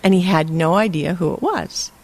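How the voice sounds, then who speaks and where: An older woman from Hawaii telling lively stories in a casual interview and laughing often. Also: lowish voice, normal speed. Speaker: interview guest. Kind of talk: casual storytelling.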